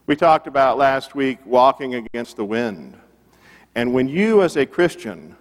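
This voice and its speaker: Emphatic preacher in a reverberant church. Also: male voice, medium pitch. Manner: emphatic, building repetition. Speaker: pastor. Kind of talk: sermon. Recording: long reverb of a church hall.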